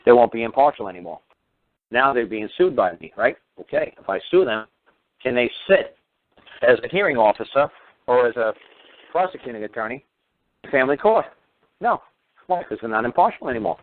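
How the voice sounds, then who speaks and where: A man's voice: mid-range voice, expressive, a little fast, pauses often, dry recording. A man lecturing on a radio talk show in a combative, mocking and crude way. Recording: tinny phone-line radio audio.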